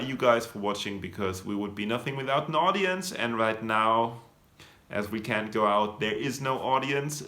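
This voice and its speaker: A man's voice: mid-range voice, a bit bright. A man hosting a comedy show, casually talking to viewers in a loose, rambling way and chuckling at his own slips.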